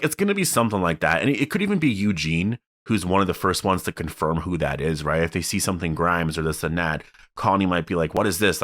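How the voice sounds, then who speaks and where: Deep-voiced man rambling about TV. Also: fairly bright tone, dry recording, studio quality. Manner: rambling, filler-heavy, self-correcting. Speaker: TV show commentator. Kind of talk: casual spoken commentary.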